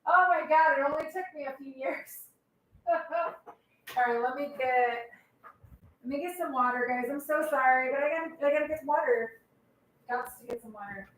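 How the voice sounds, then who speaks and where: A woman hosting a live tarot reading, chatting in an animated way and answering her viewers' comments. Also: high-pitched, moderate pace, pauses often. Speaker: tarot reader and healer.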